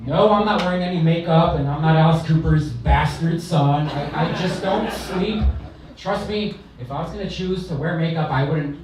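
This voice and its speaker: A man's voice: on the high side, moderate pace, a crowd in the background. A man from California's San Fernando Valley doing a stand-up set on a comedy club stage, delivering brash, profane, self-deprecating punchlines. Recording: roomy live club sound from a distance.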